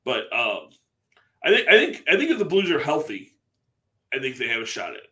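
A man chats casually as co-host of a hockey podcast. He answers in an agreeable, measured way. His voice sits at an average pitch and sounds bright. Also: wildly swooping pitch. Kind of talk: casual sports talk.

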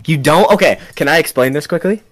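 A man's voice: fairly high pitch, brisk, dry recording. A young man on a casual podcast with friends, rambling through a story with restarts and laughs. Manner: rambling, self-interrupting storyteller with frequent laughs. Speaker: podcast co-host. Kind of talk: casual chat among friends.

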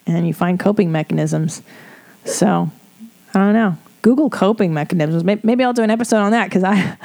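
A middle-aged woman talks through listener problems in a loose, candid way, with frequent swearing and quick laughs. Her voice is mellow and warm and sits at an ordinary pitch. It sounds like an unscripted podcast chat. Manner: frank, swears freely, laughs often. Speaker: podcast host giving advice. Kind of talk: casual advice chat.

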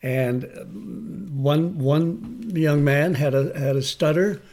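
A man's voice: a little high, slow. A man coaching magicians, telling an anecdote in an interview and acting out the quoted voices. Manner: animated, acts out quoted voices. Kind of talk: storytelling in an interview.

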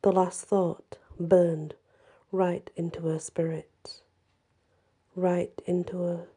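Woman reading a creepy fairy story, low husky mellow voice, slow and somber. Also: level tone. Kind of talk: dark fairy tale narration.

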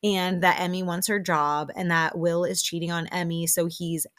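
A woman's voice: lowish voice, moderate pace. Chatty woman recapping a reality show. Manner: chatty and animated, acting out quotes with frequent laughs. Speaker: podcast host.

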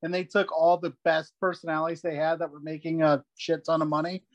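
Brief: relaxed guy on a call, bro-ish banter, dry sound. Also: a little high, no room sound, lo-fi sound. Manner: laid-back, says bro and dude, quick rants. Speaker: guest. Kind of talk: casual chat. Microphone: video call.

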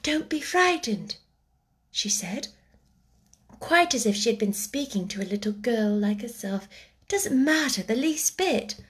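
A woman voicing a kind, well-bred little girl who speaks softly and slowly in a reassuring way. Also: mid-range voice, close to an everyday voice. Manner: soft, slow, reassuring. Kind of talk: audiobook character voice.

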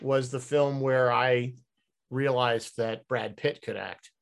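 A man co-hosts a relaxed film discussion at an ordinary, middle pitch. He talks hesitantly, with lots of fillers, restarts and half-finished thoughts. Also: takes it slowly, gravelly. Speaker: podcast co-host.

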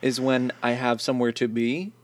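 A man's voice: medium pitch, little pitch movement, normal speed. A young man co-hosting a podcast, talking casually and at length from inside his car. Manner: chatty, explains at length. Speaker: podcast co-host. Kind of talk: casual chat.

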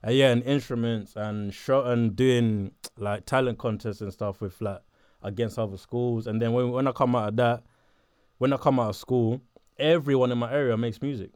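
A young man from southeast London with a South London accent, chatting casually in an interview, laid-back and quick to laugh. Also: mid-range voice, steady tone, a little mellow, clean tone, no echo, clean studio sound. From Botswana, raised in southeast London.

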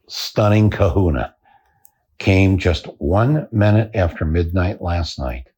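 Low, husky man, slow and dry. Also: muffled recording. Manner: dry, deadpan telling with chuckles. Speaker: podcast host. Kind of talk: satirical comic monologue.

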